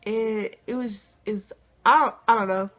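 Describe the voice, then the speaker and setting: A young woman vlogger telling a casual storytime, animated and slangy, acting out quotes with big jumps in pitch. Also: a little slow, soft background music. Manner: informal slangy speech.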